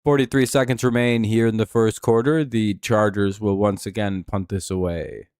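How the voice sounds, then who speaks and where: A man's voice: lowish voice, fairly even intonation, normal speed, a little mellow, clean tone, dry recording. A man hosting a live stream, giving laid-back, dry play-by-play and chatting with viewers. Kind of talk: casual game-watching commentary.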